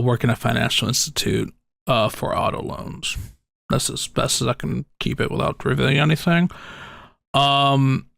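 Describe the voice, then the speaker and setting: A man's voice: mid-range voice, gravelly, fairly bright tone, no room sound. A man hosting a podcast, talking in a rambling, jokey way about work and his dog. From United States. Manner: rambling, jokey, laughs often. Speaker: podcast host. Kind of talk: casual chat.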